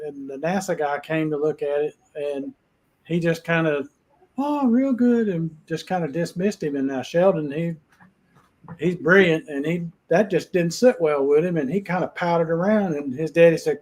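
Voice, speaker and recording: Brief: male host, folksy rambling storyteller, slightly higher pitch. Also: darkish tone, poor audio. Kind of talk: casual livestream chat.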